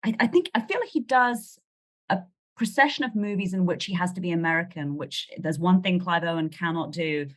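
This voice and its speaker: A woman's voice: fairly low pitch, a little fast, fairly bright tone. A woman talking as a guest on a podcast, chatty and wry, picking apart small details of a film. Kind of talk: casual podcast chat.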